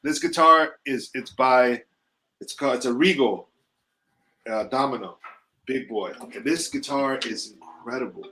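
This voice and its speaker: A man hosting a casual live stream, rambling through loose, profane shout-outs and sounding a little stuffy from allergies. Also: mid-range voice, unhurried. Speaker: host.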